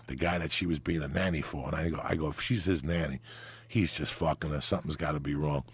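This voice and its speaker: A man's voice: extremely low pitch, fairly even intonation, fast, slightly rough, dry recording. A middle-aged man from New Jersey, a podcast guest telling raunchy, profane stories and acting out the quoted lines. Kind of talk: raunchy storytelling. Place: podcast studio.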